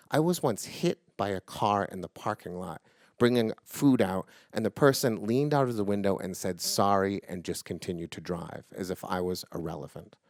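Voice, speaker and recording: A man in his forties telling a true story live on stage into a microphone, swinging from loud indignation to hushed reflection. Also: sits low, dry recording, clean studio sound.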